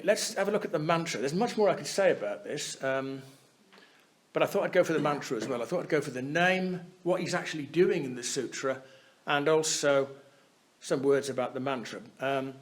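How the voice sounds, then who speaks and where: Chatty man giving a dharma talk. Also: on the high side. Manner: conversational, keeps checking in with "yeah?". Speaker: Buddhist teacher giving a talk. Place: Buddhist centre hall.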